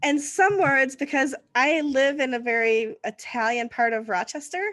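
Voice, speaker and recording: A woman's voice: sits high, normal speed, a bit bright, no room sound. A woman, hosting a casual interview chat and laughing often. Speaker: podcast host.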